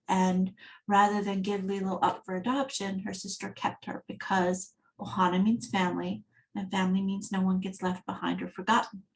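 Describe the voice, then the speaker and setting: A woman gives an accessibility talk at a design meetup in a conversational, storytelling manner. Her voice is medium in pitch with some vocal fry.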